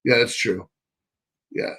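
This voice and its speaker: A man hosting a live stream Q&A, reading chat questions and answering bluntly, swearing often and getting excitable. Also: takes it slowly, poor audio.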